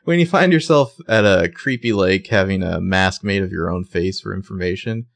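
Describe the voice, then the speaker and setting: Low-voiced, gravelly podcast co-host, relaxed and conversational, recorded dry. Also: male voice, moderate pace, dry recording. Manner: conversational, reads out quotes in a plain voice. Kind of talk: casual recap chat.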